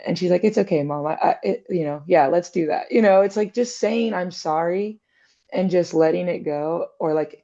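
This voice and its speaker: Woman, low pitch, mellow tone, casual reflective chat, filler-heavy, dull lo-fi audio. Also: normal speed, gravelly. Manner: many fillers, acts out quoted voices.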